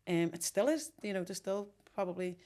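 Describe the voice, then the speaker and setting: A woman's voice: mid-range voice, a little fast, mellow. A woman in her forties with a Scouse accent, chatting casually as an interview guest, rambling with ums and restarts. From Liverpool, England.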